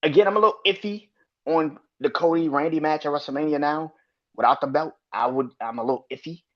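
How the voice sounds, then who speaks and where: A man's voice: fairly high pitch, brisk. Blunt, profane man ranting on a podcast. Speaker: podcast host. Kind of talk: casual wrestling commentary podcast. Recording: slightly dull lo-fi audio.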